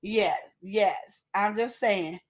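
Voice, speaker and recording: A woman's voice: mid-range voice, drawn-out words. A woman hosting a casual live show, chatting and teasing as she talks straight to her viewers. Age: adult with a child. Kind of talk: casual live-stream chat.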